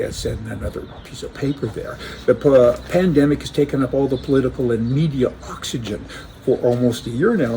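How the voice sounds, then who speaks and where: A man's voice: medium pitch, warm tone. Male commentator, sarcastic and joking, mid-range voice, faint background hiss. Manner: sarcastic, joking, chuckling asides. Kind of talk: opinionated casual monologue.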